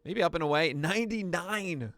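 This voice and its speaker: A man hosting a pitching analysis, talking through each pitch with excitable outbursts. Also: moderate pace, smooth, no room sound. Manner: excitable, bursts into shouts and laughs. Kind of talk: excited play-by-play pitch breakdown.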